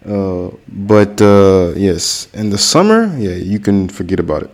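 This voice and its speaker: A man with an American accent talks in a relaxed, chatty way, his voice sitting a little low. He goes slowly and repeats himself to make things clear for English learners. He comes from Florida. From Florida, United States. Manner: chatty, slow and repetitive to explain words. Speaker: host teaching English. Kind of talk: casual language-learning monologue.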